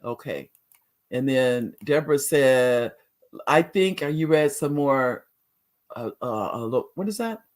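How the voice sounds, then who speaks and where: A woman's voice: rumbling low, lively intonation, slow pace, darkish tone. A middle-aged woman hosting a casual live talk show, chatting with viewers, restarting sentences and laughing often. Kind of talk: casual live-stream chat reading viewer comments.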